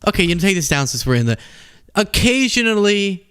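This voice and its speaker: A man's voice: high-pitched, big pitch swings, fairly quick, fairly bright tone, smooth. A young man hosting a live political talk stream, joking casually, laughing often and sliding into mock voices.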